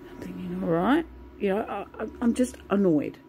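A woman's voice: lowish voice, lively intonation, normal speed, mellow, slight background noise, rough recording. A woman venting in a casual, swear-filled monologue to the camera. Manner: swears a lot, ranting. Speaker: vlogger.

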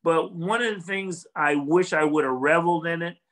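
A man's voice: on the high side, moderate pace, a bit bright, poor audio. An older man, a former football player, talking as a guest in a casual interview, earnest and reflective, rambling with restarts.

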